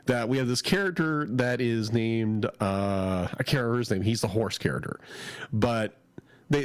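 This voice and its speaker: A man's voice: mid-range voice, clean tone, dry recording. A man co-hosting a podcast, chatting casually and enthusiastically, rambling and restarting his sentences, with a head cold. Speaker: podcast co-host. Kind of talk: casual chat.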